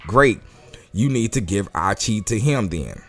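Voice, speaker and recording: A man's voice: fairly low pitch, lively intonation, unhurried. A man voicing a stern male mentor who speaks in an insistent, commanding way, with faint music behind.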